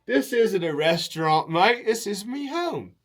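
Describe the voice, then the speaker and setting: A man's voice: high voice, big pitch swings, a little slow, pitched above the performer's own voice, heavily acted. Man voicing a laid-back Australian bloke, raised and breezy, easygoing, drops "mate" everywhere. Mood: amused. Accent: put-on Australian. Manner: cheery, easygoing, says "mate" often. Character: friendly Australian man hosting a guest at his home.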